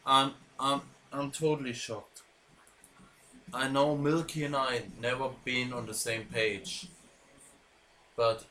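A man hosts a podcast and calls the matches of an online wrestling show at an unhurried pace. He sounds deeply moved, stumbling through restarts and repeated words. A faint hum sits under his voice. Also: fairly even intonation, bright, forceful tone. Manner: deeply moved, emotional delivery. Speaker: podcast host and commentator.

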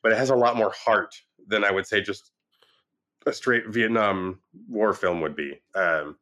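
Animated, low-voiced man reviewing a film. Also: unhurried. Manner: animated retelling, acts out quoted lines; frequent restarts and fillers. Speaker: movie reviewer. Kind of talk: casual film review chat.

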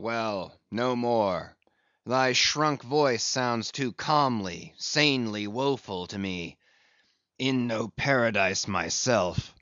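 In an audiobook, a man plays a brooding sea captain consumed by obsession, barking orders in slow, heavy, old-fashioned language with passionate authority. His plain-pitched voice comes across pushed and bright, while the dry recording has a slightly dull quality.

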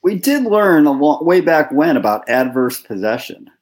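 A man in a casual podcast chat, speaking low-key and trailing off self-deprecatingly. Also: big pitch swings, normal speed.

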